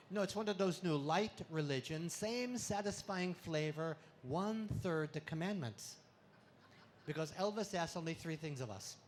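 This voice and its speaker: A male comedian on stage, trading in puns with a playful, bouncy delivery. His voice sits a little high for a man and swells loud on punchlines. A faint room ambience hangs behind him. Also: slight background noise. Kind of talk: stand-up comedy talk. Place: expo stage before a live audience.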